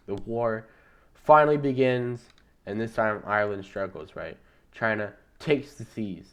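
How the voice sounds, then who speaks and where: A man narrating an alternate-history map in a casual, jokey, rambling way, often tagging lines with "right?" and "boom". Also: fairly bright tone, highs cut off. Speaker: mapping channel narrator.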